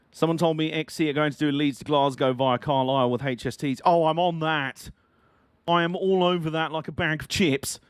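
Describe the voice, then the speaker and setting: A man giving excitable, jokey, mock-outraged live commentary while streaming a game. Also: a little high, moderate pace, pauses often, smooth, no room sound.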